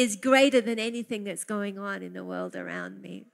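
A woman's voice: medium pitch, wildly swooping pitch, moderate pace, vocal fry, few pauses. A woman preaching a fervent sermon, emphatic and full of repeated praise.

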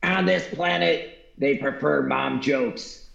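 A man doing a gravelly, blunt insect creature. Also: on the high side, slow, fairly bright tone, roomy sound, highs cut off, exaggerated voice. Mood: deadpan.

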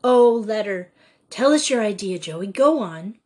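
A woman reading an audiobook, voicing an eager, excitable schoolgirl full of questions. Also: mid-range voice, a little slow, close to an everyday voice.

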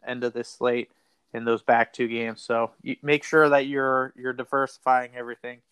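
A man's voice: mid-range voice, little pitch movement, normal speed, a bit bright, clean tone, no room sound. A man hosting a casual fantasy basketball talk show, rambling and repeating words as he thinks. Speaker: fantasy basketball podcast host. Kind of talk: casual sports betting chat.

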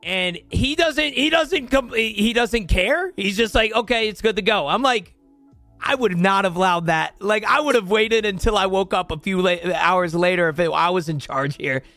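A young man hosts a laid-back talk with a guest, his voice a touch high for a man. He is recorded dry and close, and he agrees readily and wanders into long tangents. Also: moderate pace, pushed and bright, no room sound, soft background music. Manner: upbeat, agreeable, rambling. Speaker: podcast host. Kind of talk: casual chat.

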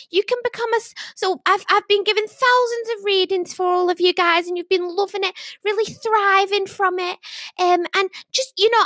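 A woman's voice: no room sound, close to an everyday voice. A woman voicing a salesy female online tarot psychic who gushes over her viewers. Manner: sugary sales patter, high-pitched.

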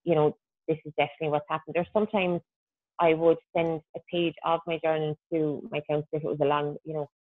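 A woman's voice: low-pitched, little pitch movement, brisk, dry recording. A woman, a podcast guest talking in a chatty, practical way about her own habits. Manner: chatty, practical, self-deprecating. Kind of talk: casual podcast chat. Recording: dry, tinny phone-like line.

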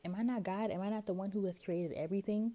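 A woman's voice: medium pitch, fairly even intonation, quick pace, dark tone, natural voice. A woman voicing God in a blunt, slangy retelling, talking emphatically to a reluctant prophet. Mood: emphatic.

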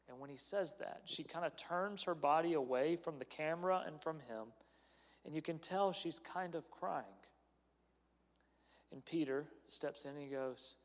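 A man's voice: fairly high pitch, a little slow. A man preaching a sermon as a pastor, telling a story in an earnest way. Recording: long hall reverb.

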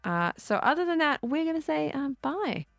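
A woman's voice: high voice, sing-song, moderate pace, gravelly, fairly bright tone, no room sound, studio quality, soft background music. A woman hosting a casual radio chat show, rambling a little and giggling through playful banter. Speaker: radio host.

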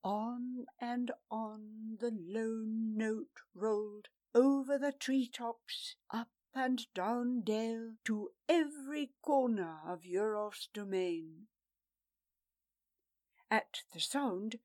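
A woman's voice: fairly high pitch, slow, darkish tone. A woman narrating a fantasy story with dramatic delivery, changing her voice for the characters. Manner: dramatic, shifts voice for each character.

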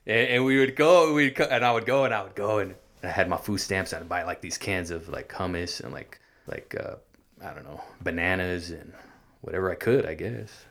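A man from California, earnestly recounting his own hard childhood as an interview guest, halting and restarting often. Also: deep voice, creaky, fairly bright tone. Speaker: guest sharing his life story. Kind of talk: personal storytelling in an interview.

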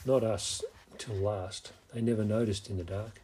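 A man voicing an anxious, fussy schoolboy who talks in a shrill, pleading way. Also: steady tone, moderate pace, mellow, a little hiss or hum, natural voice. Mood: stubborn.

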